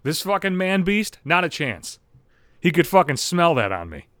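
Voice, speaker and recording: A man in his thirties spins a foul-mouthed comic story, his voice leaping all over the place as he works himself into a rant. His voice sits a bit high for a man. The sound is close and dry, with no room around it. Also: sing-song, moderate pace, a bit bright, dry recording. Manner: swears constantly, gets worked up and ranting. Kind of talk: profane comic storytelling monologue.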